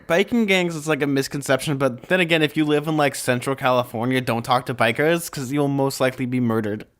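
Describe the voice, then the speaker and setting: A man with a middle-pitched voice co-hosting a casual podcast. He talks in an easygoing, joking way and wanders from point to point. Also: fairly quick, fairly bright tone. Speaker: podcast co-host. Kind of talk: casual chat.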